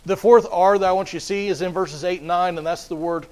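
Man, high voice, sermon, emphatic, repeats and restarts phrases. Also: steady tone, fast, a little mellow, low-quality recording. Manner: emphatic and repetitive, with frequent restarts. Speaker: preacher.

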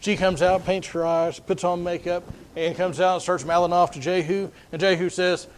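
A man's voice: high voice, level tone, moderate pace, a little hiss or hum. A male preacher giving a sermon in a folksy, conversational storytelling manner, often restarting his phrases.

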